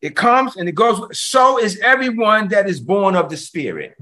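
A man preaching an energetic sermon, talking fast, excited, and repeating words for emphasis. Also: high-pitched.

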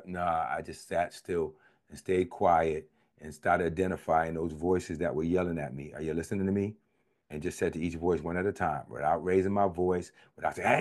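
A man preaching a sermon in a conversational, vernacular style. He repeats phrases and swings between high shouts and low, confiding murmurs. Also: expressive, normal speed.

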